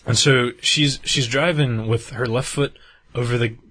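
Husky man, casual storyteller, animated, laughs a lot. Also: medium pitch, unhurried. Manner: animated, acts out quotes, laughs often.

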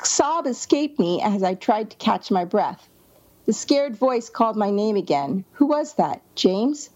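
A woman with a mellow, mid-range voice, heard through a muffled recording, is a book editor walking through a manuscript critique. She reads passages aloud and then explains her edits.

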